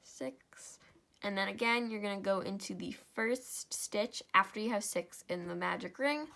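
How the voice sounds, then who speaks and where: A woman's voice: medium pitch, moderate pace, creaky, pushed and bright. A young woman hosting a step-by-step craft tutorial, tired and yawning, apologizing as she talks through each stitch.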